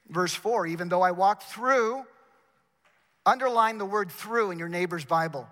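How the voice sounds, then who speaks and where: A high, fairly bright male voice at a moderate pace rings through a university chapel, its long reverb echoing around him. Preaching a sermon, he speaks emphatically, repeats words, and addresses the congregation directly.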